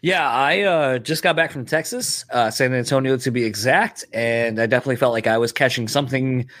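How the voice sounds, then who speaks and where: A man's voice: mid-range voice, a little fast, a bit bright, no echo, studio quality. A man co-hosting a podcast in casual chat, loose and profane with lots of fillers. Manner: loose, swearing, many fillers. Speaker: podcast co-host.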